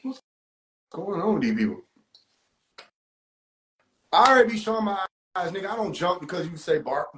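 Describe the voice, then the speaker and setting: A young adult man talking on a phone livestream in an animated, profane way, laughing often. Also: high voice, moderate pace, long pauses, roomy sound, a little hiss or hum, low-quality recording. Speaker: livestream host. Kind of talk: casual livestream rant.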